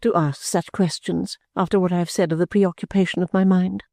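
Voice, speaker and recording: A woman voicing a self-absorbed middle-aged mother who talks in a calm, clear, smoothly condescending tone, in an audiobook reading. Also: lowish voice, brisk, dry recording, studio quality. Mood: serene, dismissive. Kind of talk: audiobook character voice.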